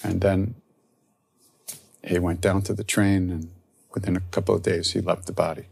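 A man, a spiritual teacher, telling a story and then reflecting softly on spiritual practice. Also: low-pitched, little pitch movement, normal speed, gravelly, slightly rough, no room sound. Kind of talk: storytelling talk.

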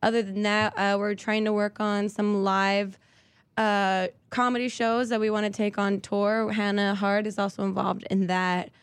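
A woman guest in a casual podcast chat who jokes and throws in quick asides. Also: mid-range voice, level tone, clear, resonant tone, no room sound. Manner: joking, quick asides, laughs.

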